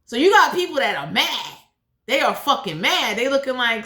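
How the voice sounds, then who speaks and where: A woman's voice: sits high, big pitch swings, normal speed, a bit bright. A woman doing a blunt, profane, heated tarot reading in a casual monologue. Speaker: tarot reader. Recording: echoey room.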